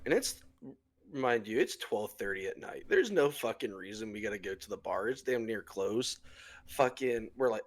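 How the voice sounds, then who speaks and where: A man's voice: medium pitch, lively intonation, takes it slowly. Young man, casual podcast storyteller, curses a lot. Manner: storytelling, heavy swearing. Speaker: podcast co-host. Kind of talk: casual chat.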